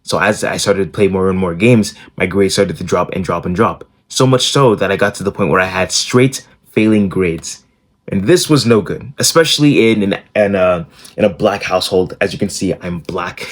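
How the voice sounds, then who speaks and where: A young man telling a personal story in a blunt, casual vlog, swearing freely. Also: low-pitched. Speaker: self-improvement YouTuber.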